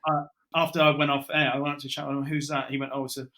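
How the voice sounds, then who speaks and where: Bright-voiced British man telling stories. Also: mid-range voice, racing. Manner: lively storyteller, acts out his own quotes. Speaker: broadcaster guest. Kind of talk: casual podcast chat, anecdotes.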